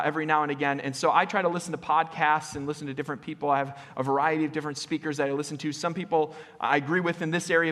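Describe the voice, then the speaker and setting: A pastor delivers a casual sermon in a rather high male voice, breaking up his points with tag questions and quick restarts. The sound carries the long reverb of a church hall. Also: fairly bright tone. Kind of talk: conversational sermon. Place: church sanctuary.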